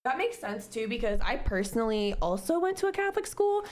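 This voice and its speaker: A woman's voice: a little high, a little fast. A young woman co-hosting a podcast, speaking candidly in casual chat, swearing freely and acting out her past self with laughs. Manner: candid and profane, laughs between remarks; lively, acts out her past self in quotes. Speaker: podcast co-host.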